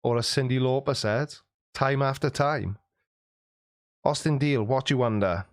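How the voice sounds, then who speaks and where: A man's voice: mid-range voice, measured pace, dry recording, clean studio sound. Cheeky man chatting on stream. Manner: jokey, cheeky, laughs often. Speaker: live stream host. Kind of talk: casual chat reading out viewer comments.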